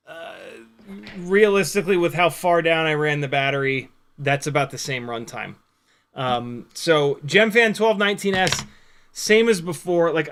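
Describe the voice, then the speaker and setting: A man live-streaming indoor drone flights, commenting excitedly and answering chat questions, exclaiming and swearing at crashes. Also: fairly high pitch. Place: house, indoors.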